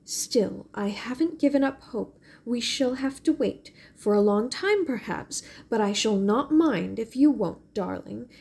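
Woman reader doing a pleading young lady in a storybook, higher, breathy, tearful. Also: expressive, a little slow, few pauses, darkish tone, exaggerated voice. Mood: earnest. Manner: imploring, tearful. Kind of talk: audiobook reading.

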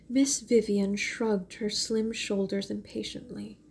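A woman narrating a novel as an audiobook, in measured storytelling. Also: medium pitch, vocal fry, mellow, husky. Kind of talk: audiobook reading.

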